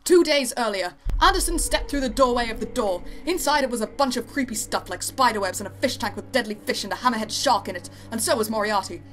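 A woman reading a parody fan story aloud, deadpan, with sarcastic asides. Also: a little high, fast talker, hardly any pauses, faint music behind. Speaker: narrator.

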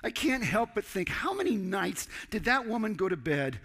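A man preaching a sermon in a church sanctuary, acting out the scenes with sudden loud rises. His voice sits a little high and sounds bright and forceful. The hall gives it a long, ringing reverb. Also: moderate pace. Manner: animated preacher, acting out dialogue with loud rising outbursts. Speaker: pastor.

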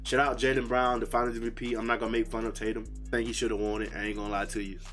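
A man hosting a reaction video, talking casually and profanely, swinging between loud high outbursts and low muttering. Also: level tone, rapid-fire, soft background music.

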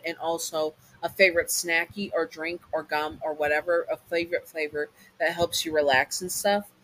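Halting, apologetic man reading a story. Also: fairly high pitch, a bit bright, low-quality recording. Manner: halting, with frequent restarts and apologies. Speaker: fan fiction storyteller. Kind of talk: casual read-aloud story.

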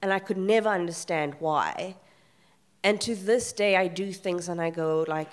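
Emotional woman telling a personal story. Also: fairly low pitch. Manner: candid, emotional storytelling with many pauses and fillers. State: emotional, near tears. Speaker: panel guest, author. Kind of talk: live festival panel discussion. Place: festival event room.

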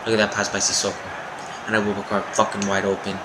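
A young man giving loud, profane, excitable live commentary on his own football video game match. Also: on the low side, quick pace, heavy background noise. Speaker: gaming YouTuber.

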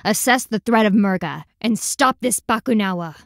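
A woman's voice: medium pitch, animated, normal speed, no echo, studio quality, lightly acted. A woman voicing a stern young warrior who talks in a formal, clipped and severe way, in a video game.

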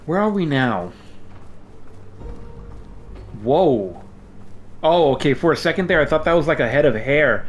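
A man with a fairly high voice chats playfully through a let's-play, teasing the characters on screen and yelping when something startles him. He records at a desk microphone in a room at home, with a faint hiss and room sound behind him. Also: normal speed. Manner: playful, jokey, excitable, yelps when startled. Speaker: gaming YouTuber. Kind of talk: casual let's-play commentary.

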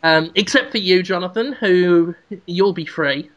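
A young man with a bright, forceful voice, spinning a crude comic bit on a podcast. He giggles as he talks and throws himself into the joke. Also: high-pitched, a little slow, dull audio. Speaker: podcast co-host. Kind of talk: comic riffing.

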